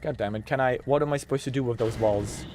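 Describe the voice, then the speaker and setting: A young man, chatting casually and ranting excitedly to his chat while streaming a game, swearing freely. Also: mid-range voice, fast talker, a little hiss or hum.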